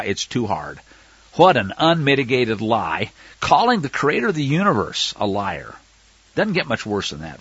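A man teaching scripture verse by verse, fiery and scornful, with a husky voice, his reading swinging loud on the quotes. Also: medium pitch, no room sound, lo-fi sound. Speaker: Bible teacher.

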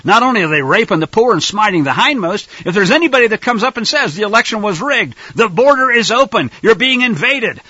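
A man preaching in an animated, rhetorical style, addressing listeners as folks, on a dull lo-fi recording. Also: high-pitched, fairly quick, hardly any pauses, slightly rough, dry recording. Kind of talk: sermon-style Bible teaching.

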